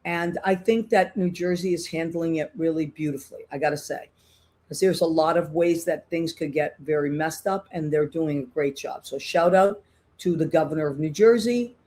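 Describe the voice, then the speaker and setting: A woman's voice: deep voice, moderate pace, darkish tone. Woman, middle-aged, podcast host, casual rambling chat. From Boston, USA. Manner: chatty, rambling with many restarts.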